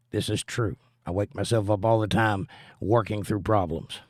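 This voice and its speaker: A man's voice: lowish voice, fairly even intonation, normal speed, darkish tone, no room sound, studio quality. A middle-aged American man with a plainspoken, earnest manner, chatting with his stream audience and teaching about the Bible. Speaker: livestream host and Bible teacher. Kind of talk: casual chat and Bible teaching.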